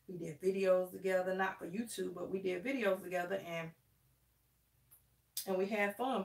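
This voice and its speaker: Woman, thirties, relaxed live-chat host with a gravelly tone, recorded from a distance. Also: medium pitch. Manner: chatty, addresses viewers as y'all, dialect grammar. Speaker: livestream host. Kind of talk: casual live chat while doing her hair. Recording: echoey room, mic at a distance.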